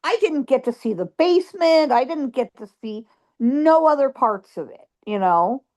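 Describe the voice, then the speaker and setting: A woman's voice: sits high, lively intonation, normal speed, a little mellow. A woman guest psychic telling a ghost story in a dramatic way, acting out voices and sounds and often saying "you know".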